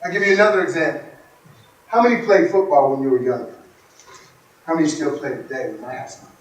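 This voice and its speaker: A man's voice: a little high, expressive, quick pace, highs cut off. A man giving a motivational workshop talk, telling stories and asking the audience questions. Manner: storytelling, asks the audience questions. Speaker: workshop speaker. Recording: echoey room, distant mic.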